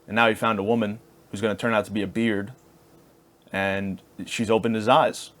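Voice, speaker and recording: A man's voice: on the low side, little pitch movement, normal speed, fairly bright tone. Rambling, foul-mouthed male podcast comic. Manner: rambling, crude and self-deprecating. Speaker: podcast host. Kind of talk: comedic podcast monologue.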